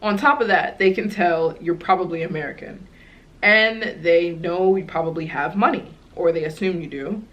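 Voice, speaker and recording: A woman's voice: on the low side, moderate pace, a bit bright, dull audio, close to an everyday voice. A young American woman voicing a friendly young male seller who earnestly explains a warning.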